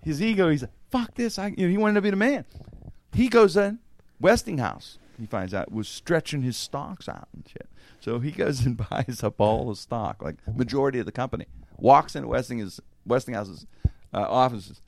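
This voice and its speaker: A man's voice: mid-range voice, animated, normal speed, vocal fry, no echo. A man hosting a podcast, telling a long story in casual, profane chat and acting out the quotes. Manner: rambling, profane, acts out quotes. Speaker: podcast host.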